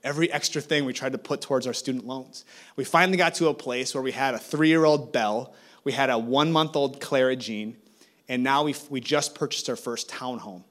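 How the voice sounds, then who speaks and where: A middle-aged man from Minnesota preaching as a guest speaker, telling a story with lively energy and acting out each conversation in changing voices. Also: mid-range voice, brisk. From Minnesota, USA. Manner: animated, acts out dialogue with shifting voices. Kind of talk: storytelling sermon.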